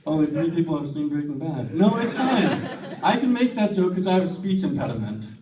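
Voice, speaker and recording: A man performing a stand-up comedy set with a deadpan, self-deprecating delivery, in a comedy club with a laughing audience. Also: fairly high pitch, a little fast, recorded from a distance, a crowd in the background. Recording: roomy club, mic heard from afar, audience laughing.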